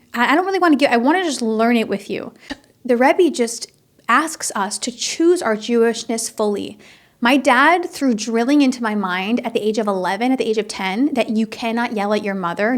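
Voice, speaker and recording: Animated young woman, fairly high voice. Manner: animated and emphatic, with many restarts and "like"s; repeats phrases for emphasis. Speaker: Jewish teacher giving a weekly Torah talk. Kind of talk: casual personal talk. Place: at home with kitchen machines running.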